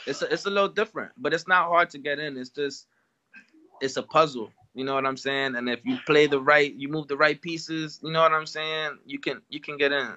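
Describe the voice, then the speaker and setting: A man's voice: on the high side, steady tone, a little fast, sharp tone, dull audio. A man, a rapper from Washington Heights, talking casually in an interview in a laid-back, slangy way. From Washington Heights, New York. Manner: laid-back, slangy, peppered with "you know what I'm saying". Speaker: rapper guest.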